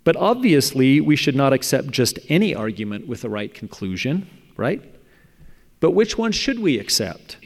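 A man reads a prepared paper aloud, measured and academic. His voice sits at an ordinary middle pitch. A long reverb from the hall trails behind each phrase. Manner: measured, academic, with occasional slips and restarts. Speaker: speaker presenting a paper on religious apologetics. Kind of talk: reading a prepared talk aloud.

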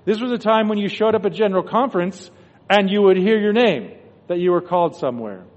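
High-voiced man telling a story in a hall. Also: animated, a little fast. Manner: storytelling, acting out quoted thoughts. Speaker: religious speaker. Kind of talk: devotional talk. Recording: dull recording in a reverberant hall.

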